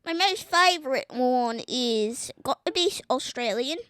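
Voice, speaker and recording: Bright high-voiced girl chatting slowly. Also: expressive, clear, resonant tone, no echo, clean studio sound. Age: child. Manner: giggly, playful, tries silly accents. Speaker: guest. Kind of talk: casual chat. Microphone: podcast mic.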